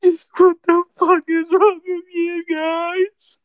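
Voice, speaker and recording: High-voiced young woman, slow and pleading. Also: flat delivery, no echo. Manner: pleading, breaking into laughter and near-tears. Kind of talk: casual recorded reaction.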